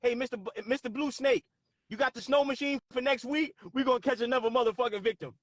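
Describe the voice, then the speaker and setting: A man's voice: very high-pitched, fairly even intonation, quick pace, no echo, clean studio sound. A man putting on a pleading, sly snake. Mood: scheming. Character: pleading then treacherous male snake.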